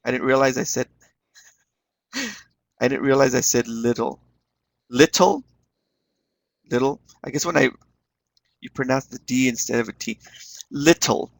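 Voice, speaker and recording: A man's voice: mid-range voice, normal speed, gravelly, long pauses. A man leading an online teaching webinar, encouraging the class and repeating words as he explains them. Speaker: webinar instructor.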